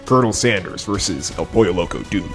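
A man putting on a huffy old fried-chicken colonel in a theatrical comedy spoof, pitched up high and indignant. Faint music is behind. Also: animated, fast, a bit bright.

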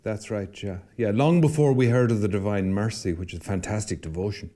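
This man from Ireland has a mellow voice on the low side and speaks a little quickly. A priest and podcast co-host, he shares stories in a thoughtful, conversational manner, frequently starting over mid-thought, as in relaxed podcast chat.

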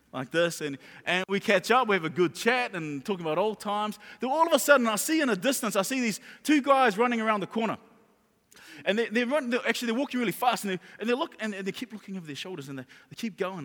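A man preaching a sermon as a pastor, telling stories animatedly and repeating phrases for emphasis. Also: high-pitched. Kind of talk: sermon with storytelling. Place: large church hall. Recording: reverberant church hall with live guitar. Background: soft guitar music.

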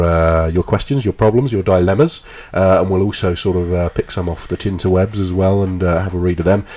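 A man's voice: deep voice, darkish tone. A man in his thirties with a Suffolk English accent, co-hosting a casual comedy podcast, rambling with lots of fillers and giggling. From England. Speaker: podcast co-host.

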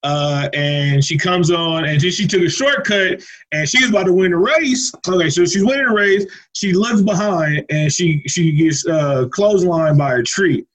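A man's voice: sits high, normal speed, fairly bright tone, rough recording. Laid-back guy recapping a movie, laughing. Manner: loose, laughing, lots of fillers and slang. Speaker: podcast co-host. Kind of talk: casual movie recap chat.

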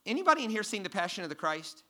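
Guy pastor giving a sermon, sharp bright tone, keeps asking the crowd stuff, goes loud then quiet. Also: high-pitched, very animated, very fast. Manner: questions the congregation, swings from loud emphasis to hushed. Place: church stage before a congregation.

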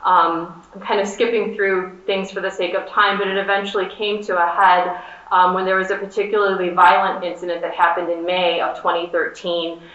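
A woman panelist giving a measured presentation at a conference, with many fillers. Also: lowish voice, flat delivery, a bit bright. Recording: echoey, dull conference room audio.

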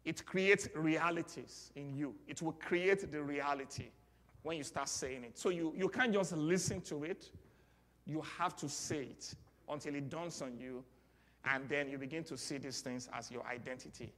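A man with a Nigerian accent preaching a sermon, leading call-and-response and building to loud exclamations. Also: a little high, moderate pace. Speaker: pastor. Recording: long hall reverb.

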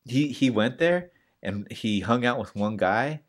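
A man's voice: medium pitch, animated, unhurried. A man in casual podcast chat, telling rambling stories full of "like" and restarts, with the odd swear.

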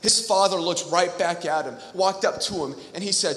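Bright-voiced young man preaching in echoey hall. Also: high-pitched, moderate pace. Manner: conversational, repeats phrases, builds to emphatic peaks. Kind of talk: sermon. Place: large hall with long reverb.

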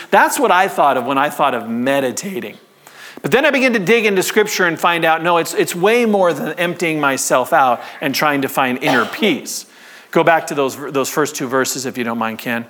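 A man preaching a sermon to his congregation in a church, conversational and animated, with call-and-response. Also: on the high side. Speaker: pastor.

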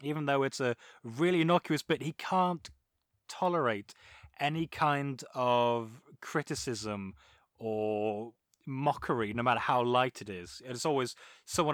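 A man, co-hosting a casual podcast and talking through a film with animated, mocking asides. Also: mid-range voice, a little slow, no room sound, clean studio sound. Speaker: podcast co-host.

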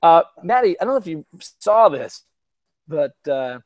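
A man's voice: fairly high pitch, very animated, unhurried, darkish tone, no room sound. A man hosting a casual sports podcast, talking chattily with frequent restarts and easy laughs. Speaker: podcast host.

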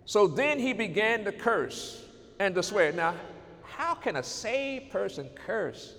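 Male preacher with a high voice and emphatic delivery, heard with a long hall reverb. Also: very animated, takes it slowly, a little hiss or hum. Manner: emphatic, addresses the congregation directly, swings between loud and soft. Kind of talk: sermon.

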